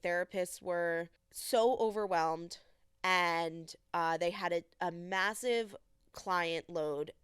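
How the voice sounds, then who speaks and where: A woman's voice: on the low side, clean tone, dry recording. Earnest young woman telling a personal story. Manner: earnest, emotional retelling, many "I was like" quotes. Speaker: podcast host.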